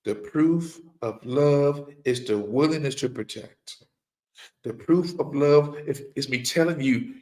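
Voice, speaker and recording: A man's voice: fairly high pitch, lively intonation, unhurried. A middle-aged man giving an impassioned, preaching monologue as a firearms trainer, repeating key lines for emphasis and firing rhetorical questions at his listeners.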